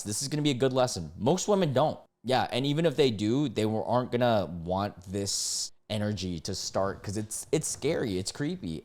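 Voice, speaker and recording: A man reading out text messages in a low mutter and reacting with mocking, exasperated commentary. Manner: mocking, exasperated, reads texts in a flat mutter. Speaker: streamer reading posts.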